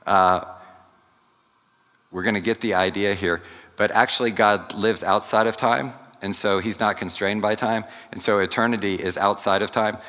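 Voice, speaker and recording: Man, sermon, slow deliberate teaching, bright forceful tone, long hall reverb. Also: on the low side, steady tone. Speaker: pastor.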